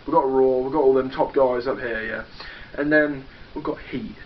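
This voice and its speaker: Speaking at a normal speed in a mid-range voice, a young man from England delivers a trash-talking wrestling promo full of bragging and swearing, mocking a rival. It sounds like a dull, lo-fi home video with a little noise underneath.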